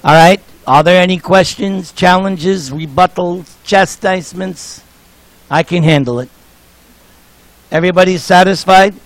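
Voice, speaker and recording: Older male preacher, jokey storyteller, highish voice, unhurried. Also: low-quality recording. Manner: jovial, joking storyteller. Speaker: speaker at a temple program. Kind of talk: sermon with anecdotes.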